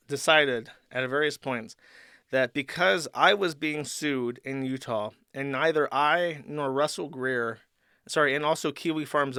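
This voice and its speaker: A man hosts his own livestream from a home desk, his bright, smooth voice picked up dry and close. He rants crudely and swears often, sliding into rambling asides. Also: mid-range voice, no room sound. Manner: crude, ranting, profane, rambling. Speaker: streamer host. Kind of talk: livestream monologue. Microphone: desk mic at computer.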